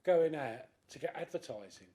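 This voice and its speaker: A man, a councillor speaking in a committee debate, animated and acting out other people's voices. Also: a little high, normal speed. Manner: animated, acts out quoted voices. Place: council chamber.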